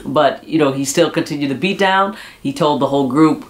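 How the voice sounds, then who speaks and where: A man's voice: fairly high pitch, fairly quick. A man casually recapping a wrestling episode, rambling with lots of "uh" and "you know.". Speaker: wrestling show reviewer.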